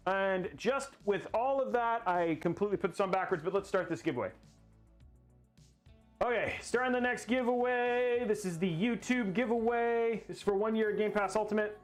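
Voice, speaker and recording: Goofy high-voiced man livestreaming a PC build. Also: normal speed. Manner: rambling, goofy, laughs at himself. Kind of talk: casual livestream chat. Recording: faint music behind the voice.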